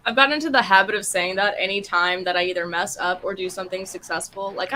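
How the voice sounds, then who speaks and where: A woman chatting casually on a stream, soft-spoken, giggly and apologetic. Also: mid-range voice, fast, few pauses, slight background noise. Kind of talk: casual chat.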